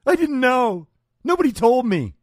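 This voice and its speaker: A man's voice: big pitch swings, a little slow, no echo, studio quality, exaggerated voice. A man mimicking a whiny, panicked apologizer. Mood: whiny pleading. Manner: mocking, high-pitched pleading.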